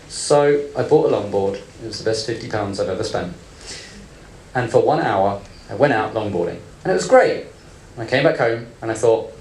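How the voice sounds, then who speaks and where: A man in his thirties speaks at mid pitch on a live panel, blunt and playful, with mild swearing tossed in. His voice rings in an echoey room, and a faint hum of ambience sits underneath. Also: gravelly, darkish tone. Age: 30s. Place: event room with audience.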